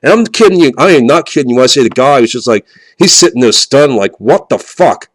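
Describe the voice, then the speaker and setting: A man's voice: medium pitch, lively intonation, quick pace, dry recording. A man vlogging in a casual, rambling way, full of fillers and restarts and growing indignant as he talks.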